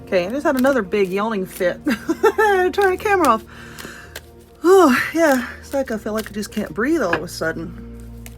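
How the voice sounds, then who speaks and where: A woman's voice: medium pitch, big pitch swings, a little fast, faint music behind. Blunt, chatty woman reading cards. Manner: chatty, blunt, frequent "okay?" and "you know"; laughs and yawns between points. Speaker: tarot and Lenormand card reader. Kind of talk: casual card reading to camera.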